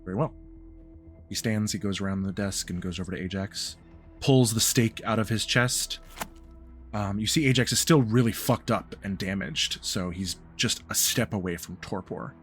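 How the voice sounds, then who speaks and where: A man narrating a tabletop role-playing game as game master, calm and descriptive. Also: fairly low pitch, normal speed, faint music behind.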